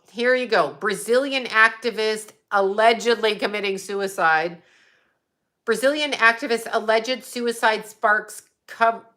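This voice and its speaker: Bright-voiced woman ranting profanely. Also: medium pitch. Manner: profane, blunt, agitated. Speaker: host. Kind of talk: casual ranting commentary.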